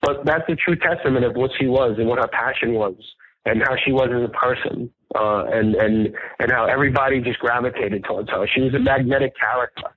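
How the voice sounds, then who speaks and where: A New man with a husky, slightly breathy voice tells stories as an interview guest, earnest and animated. He comes through a tinny, phone-like line with a dry, close sound. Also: medium pitch, a little fast, no room sound. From New York, the Bronx. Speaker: restaurant owner, guest. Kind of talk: casual interview storytelling.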